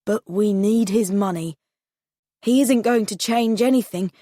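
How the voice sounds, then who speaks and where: A woman's voice: medium pitch, a little slow, warm tone, dry recording, studio quality, close to an everyday voice. A woman voicing a practical factory owner who speaks in a plain, reassuring way. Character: worried factory owner brother, practical man.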